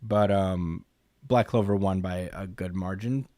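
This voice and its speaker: A man's voice: low voice, fairly even intonation, a little slow, mellow, no room sound, clean studio sound. A young man co-hosting a podcast, casually recapping a story with lots of fillers. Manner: loose, filler-heavy storytelling. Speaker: podcast co-host. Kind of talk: casual chat, recapping a comic chapter.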